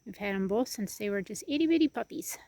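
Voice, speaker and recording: A woman's voice: animated, fast talker, dark tone, no echo. Chatty woman touring her farm. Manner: chatty, coos to animals in a higher voice. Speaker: homestead vlogger. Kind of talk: casual walking tour narration. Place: outdoors on a farm.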